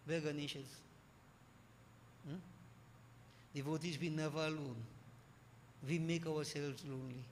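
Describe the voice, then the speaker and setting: A man preaching a sermon to devotees, emphatic and repeating key phrases, swelling louder on his main points. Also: a little high, steady tone, unhurried, pauses often, slight background noise. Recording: echoey hall with faint ambience.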